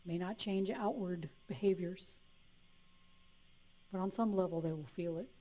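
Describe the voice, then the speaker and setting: A woman's voice: fairly low pitch, a little slow, dark tone. Playful woman minister preaching. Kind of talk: sermon.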